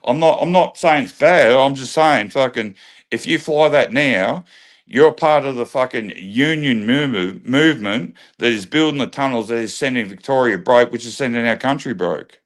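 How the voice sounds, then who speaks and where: A man's voice: medium pitch, moderate pace. An Australian man hosts a livestream and argues his point hard. He swears constantly and circles back to the same lines again and again. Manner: swearing, repetitive, lecturing. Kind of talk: heated livestream argument.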